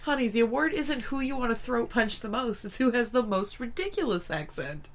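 A woman's voice: fairly high pitch, lively intonation, brisk. A woman co-hosting a podcast, chatting casually, laughing often and swearing freely. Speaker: podcast co-host. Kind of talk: casual chat.

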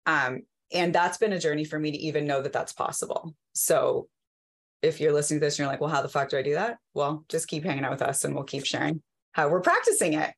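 Animated woman podcast host. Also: deep voice, fast, gravelly. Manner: animated, acts out her own thoughts, swears casually. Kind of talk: casual conversational podcast.

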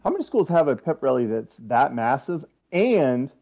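Man, podcast co-host, wry incredulous chat, warm mellow tone. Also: mid-range voice, very animated, moderate pace, gravelly. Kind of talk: casual chat.

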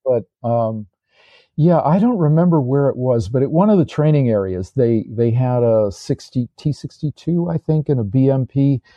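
This older man, a former tank commander, tells his stories animatedly at a normal pace as an interview guest, rambling casually with restarts and fillers. His voice sits at medium pitch, and the lo-fi recording has no room sound.

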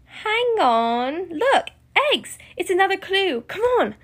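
A woman voicing an excitable young girl puppy who leads the clue hunt, talking in a quick, bossy, eager way. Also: extremely high pitch, voice pushed up, exaggerated voice. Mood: excited.

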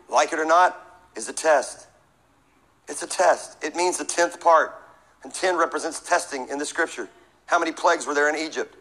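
A middle-aged man preaching a sermon in a high, bright voice. He mixes scripture reading with jokes and calls for the congregation to answer back. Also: poor audio. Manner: preaching with humor and call-and-response. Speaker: pastor.

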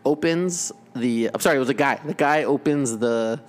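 A man's voice: mid-range voice, moderate pace. Profane man telling a story. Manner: profane storyteller, repeats words when restarting. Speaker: podcast co-host. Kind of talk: casual podcast banter.

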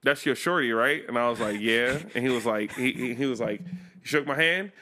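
A man's voice: medium pitch, brisk. A young man co-hosting a podcast, telling stories in casual chat, swearing freely and acting out quotes. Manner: animated storyteller, swearing freely, acts out quotes in other voices. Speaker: podcast co-host.

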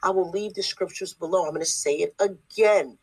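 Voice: medium pitch, fairly quick, a little mellow, slightly rough, rough recording. An online preacher giving a blunt, scolding sermon to the camera, hammering points home with repetition and rhetorical questions. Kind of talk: preaching video.

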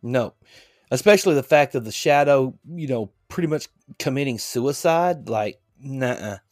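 A man's voice: mid-range voice, lively intonation, normal speed, dry recording, clean studio sound. A man hosting a podcast, chatting casually and joking in a rambling way. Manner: rambling, joking, lots of fillers. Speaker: podcast host. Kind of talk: casual chat.

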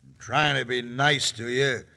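A man's voice: mid-range voice, fairly even intonation, unhurried, gravelly, pushed and bright, full character voice. A man playing a dim, sly outlaw sidekick with a drawling delivery, in 1940s radio acting.

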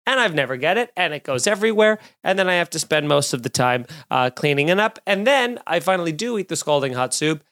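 A male comedian hosts his own podcast, spinning a long anecdote in casual, profane chat. His voice sits a bit high for a man. He jumps into quick impressions of the people in his story. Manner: animated, swearing, acts out quoted voices.

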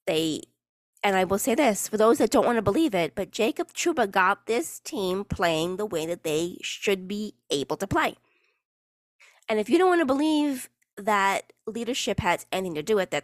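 Rambling and sarcastic, this New York woman hosts a solo podcast in a casual chatty style, swearing freely and leaning on fillers; she's also a cheerleading coach. Her mid-pitched voice sounds close and dry, with no room sound.

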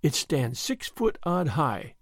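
A man reading aloud, voicing an earnest, loyal young English gentleman who speaks quietly and gravely. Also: on the high side, big pitch swings, fairly quick, no echo, studio quality.

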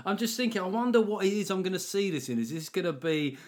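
A man's voice: high-pitched, lively intonation, fast talker. A man hosting a podcast, talking in a loose, casual way, swearing freely and often restarting his sentences. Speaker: podcast host. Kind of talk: casual chat.

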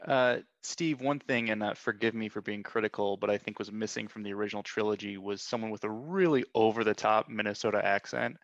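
A man's voice: lowish voice, a little fast, hardly any pauses, a bit bright, dull audio. A man hosting a podcast, asking questions in a jokey, hedging way. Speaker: podcast host. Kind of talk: casual podcast interview.

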